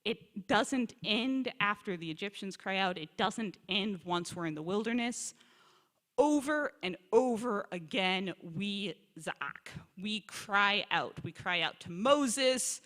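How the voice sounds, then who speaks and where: A woman giving a lively, conversational Bible teaching talk as a visiting scholar, acting out quoted complaints along the way. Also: mid-range voice, slow. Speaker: scholar in residence lecturer. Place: congregation sanctuary or hall. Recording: long reverb of a large hall.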